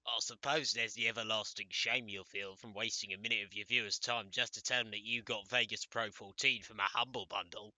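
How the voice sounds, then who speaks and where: Man doing a sarcastic alien dealer, put-on accent, lowish voice, very bright, dry sound. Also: fairly even intonation, fairly quick, few pauses, dry recording, low-quality recording. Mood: mocking. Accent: put-on foreign accent. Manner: sarcastic, mocking salesman pitch. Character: smug male alien deal-making creature.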